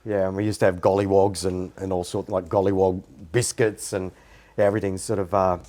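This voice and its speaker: Brief: man in his fifties, podcast guest, steady reflective storyteller. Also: low-pitched, brisk. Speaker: guest, character impersonator. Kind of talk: casual podcast interview.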